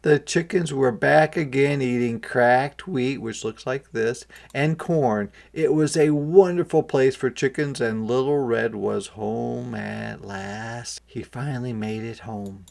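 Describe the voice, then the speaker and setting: A kindergarten teacher reading a picture book aloud, adding expressive asides and questions for young listeners. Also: mid-range voice, takes it slowly, creaky, few pauses.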